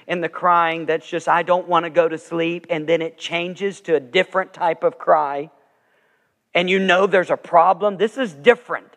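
A man preaching a sermon as pastor, telling stories earnestly and swelling with emphasis. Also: fairly high pitch. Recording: long reverb of a large sanctuary.

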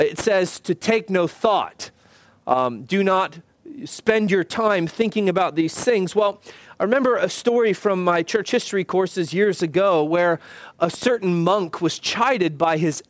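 A pastor preaching a sermon in an earnest, measured way, slowing down to stress key phrases. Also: male voice, high voice, no echo. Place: church.

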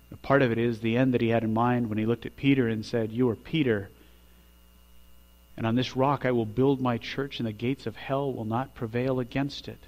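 A man preaches from the pulpit in a mid-pitched voice, swelling to forceful, loud climaxes before settling back down soft at the close of each thought. A low mains hum runs under the whole recording. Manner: builds to loud emphatic peaks, drops quiet on endings. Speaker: pastor. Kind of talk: sermon.

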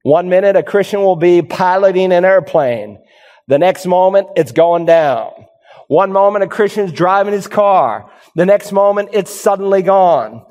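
A man preaching a sermon as pastor, animated and storytelling, sometimes acting out confused churchgoers. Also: high voice, measured pace. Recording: long hall reverb.

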